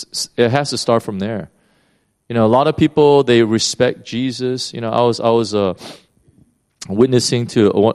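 A middle-aged man, a pastor, preaching in a conversational and animated way, acting out the people in the story he tells. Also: fairly low pitch. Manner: conversational, animated retelling with acted quotes. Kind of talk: sermon.

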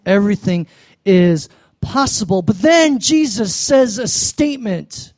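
High-voiced pastor preaching a lively sermon. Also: male voice, unhurried, no echo. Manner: animated, acts out the people in the story; calls to the congregation for an amen.

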